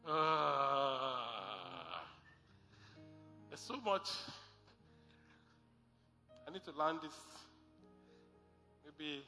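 A man's voice: fairly high pitch, very slow, long pauses, sharp tone. A man preaching a sermon as pastor, emphatic and repeating his key lines. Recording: echoey hall with faint music.

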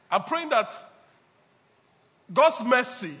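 A man's voice: high voice, animated, normal speed, fairly bright tone, slight background noise. A man preaching a sermon at a church service, emphatic and repetitive, laughing between his points. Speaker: pastor. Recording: echoey hall.

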